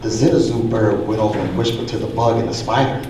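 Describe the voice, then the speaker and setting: A man's voice: lowish voice, steady tone, fast talker, mellow. Brief: man storyteller, sing-song read-aloud, distant mic, roomy echo, faint noise. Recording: echoey hall from far off, faint noise.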